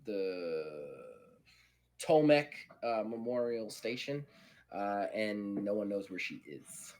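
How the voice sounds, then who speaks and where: A man's voice: lowish voice, lively intonation, slow pace, a little mellow. A man narrating as game master, loose and chatty with many fillers. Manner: loose, filler-heavy narration with frequent laughs. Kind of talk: narrating a tabletop role-playing game.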